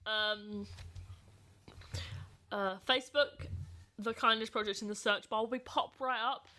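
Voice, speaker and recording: A woman's voice: a little high, steady tone, a little slow, pushed and bright. A woman co-hosting a podcast in casual chat, talking freely and laughing often. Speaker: podcast co-host.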